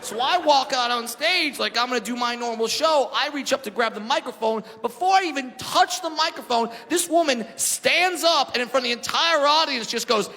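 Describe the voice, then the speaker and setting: A man performing a stand-up comedy routine on a club stage. He tells his story with loud, animated energy, dropping into hushed asides and then shouting the punchlines. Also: very high-pitched, normal speed, few pauses. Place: comedy club stage before a live audience. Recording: live club recording with reverb and audience laughter.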